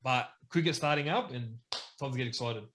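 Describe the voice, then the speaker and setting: A young man in his twenties with an Australian accent, co-hosting a casual chat with excitable, enthusiastic reactions. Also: medium pitch, fairly quick, slight background noise. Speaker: podcast co-host.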